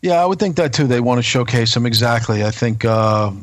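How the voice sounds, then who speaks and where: Fast-talking man co-hosting a podcast. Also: mid-range voice, expressive, dry recording, studio quality. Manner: hesitant, many restarts and fillers. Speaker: podcast co-host. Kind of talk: casual wrestling chat.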